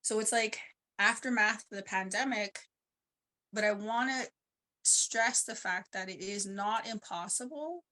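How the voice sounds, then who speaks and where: Woman panelist, casual storyteller, rambling, mid-pitched. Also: a little slow, bright, forceful tone. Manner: casual and rambling, uses 'like' a lot. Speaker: conference panelist. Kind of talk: personal storytelling talk.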